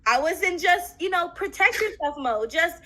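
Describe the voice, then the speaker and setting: A woman's voice: very high-pitched, animated, moderate pace, sharp tone, poor audio. A woman guest in an interview, telling her story casually and animatedly, acting out quotes with many fillers.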